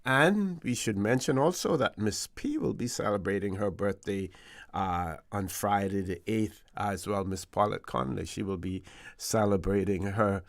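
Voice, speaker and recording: A Caymanian man hosting a radio talk show, talking in a relaxed, rambling way with plenty of fillers and restarts. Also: fairly low pitch, normal speed, creaky, no room sound, clean studio sound. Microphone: studio microphone.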